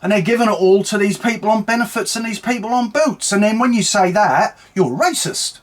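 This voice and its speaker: A man's voice: high-pitched, lively intonation, brisk. Sweary, heated man ranting. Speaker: online commentary host. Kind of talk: angry political rant.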